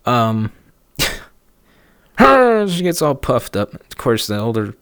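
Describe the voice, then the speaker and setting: A man's voice: mid-range voice, huge pitch swings, takes it slowly, fairly bright tone, clear, resonant tone, no room sound. A man casually telling a story in a rambling, snarky way, with chuckling asides.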